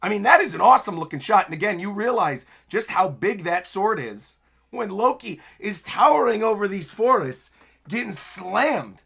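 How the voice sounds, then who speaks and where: A young man streams a live manga reaction, describing each panel as he reads it and erupting into runs of excited exclamations. His voice is bright and slightly husky, and it swings widely in pitch. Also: moderate pace. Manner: excitable, breaks into stacked exclamations; narrates panels while reading aloud. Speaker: anime streamer.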